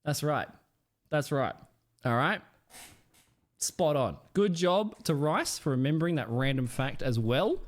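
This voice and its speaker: A man's voice: mid-range voice, animated, a little slow, long pauses. A man with a South Australian accent chatting casually with his stream chat, playful and smug, swearing offhand.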